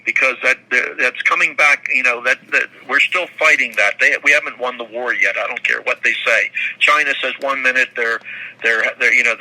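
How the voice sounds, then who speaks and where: A man's voice: mid-range voice, pushed and bright, rough recording. An older man speaking as an interview guest, talking in long rambling answers that halt, repeat words and restart often.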